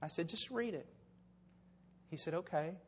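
Older male preacher, high-pitched voice, long hall reverb, storytelling sermon. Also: moderate pace, breathy edge. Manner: swings from low, quiet storytelling to loud, shouted preaching.

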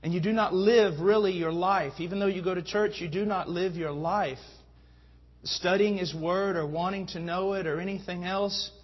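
A man's voice: high-pitched, steady tone, moderate pace, breathy edge. A man preaching a sermon with fervent delivery that rises to emphatic peaks. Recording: dull lo-fi sound.

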